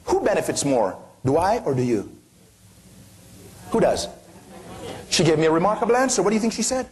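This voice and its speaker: A man delivers a motivational speech with fervor, firing rhetorical questions at his listeners. His voice sits a little higher than most men's and swings from soft lows to lifted highs. A faint murmur of the room stays underneath. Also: very animated, fairly quick, long pauses, slight background noise. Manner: impassioned, rhetorical questions, sweeping pitch swings. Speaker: motivational speaker.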